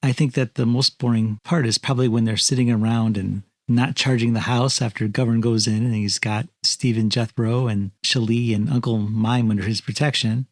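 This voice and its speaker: A man's voice: medium pitch, fairly even intonation, moderate pace, hardly any pauses, dry recording. Matter-of-fact man podcaster, dry voice. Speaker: podcast co-host. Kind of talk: casual film review chat.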